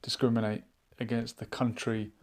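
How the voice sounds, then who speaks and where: A man hosting a live online chat show, musing out loud and reading viewers' comments aloud in a casual, thinking-aloud way. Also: medium pitch, flat delivery, normal speed. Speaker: livestream chat host.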